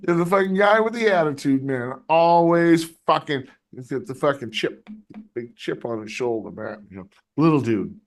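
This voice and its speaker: A man hosting a live stream, chatting casually and telling animated stories, swearing constantly. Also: a little high, normal speed. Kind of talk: casual chat, storytelling.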